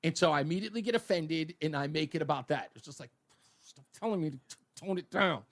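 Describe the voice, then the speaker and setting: A man hosting a radio talk show, chatting casually with a loud, booming, animated delivery in a studio. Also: fast. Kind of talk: casual on-air banter.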